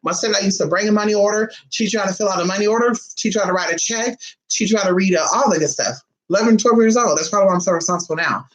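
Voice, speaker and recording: A man's voice: high-pitched, very fast, poor audio. A man vlogging casually, telling family stories in a sassy, flamboyant and profane way. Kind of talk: casual storytelling.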